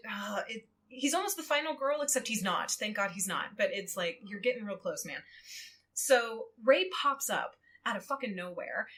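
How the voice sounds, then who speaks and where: A woman retells a story in casual podcast chat, her voice a touch high and very bright. She talks animatedly, laughs often and slips into quick acted quotes. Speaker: guest co-host.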